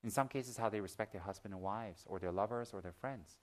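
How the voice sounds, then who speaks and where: A man teaching as a Buddhist teacher in a Dharma talk, mixing teaching with lively personal stories, joking asides and acted-out gasps. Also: on the low side, fairly quick. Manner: lively storyteller, acts out gasps and shouts.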